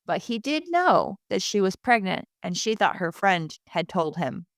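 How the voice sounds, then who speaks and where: Jersey girl podcast host, sarcastic recap chat, smooth clear voice, dry close mic. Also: mid-range voice, unhurried, dry recording. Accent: New Jersey. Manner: chatty and sarcastic, with animated asides. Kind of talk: casual episode recap chat.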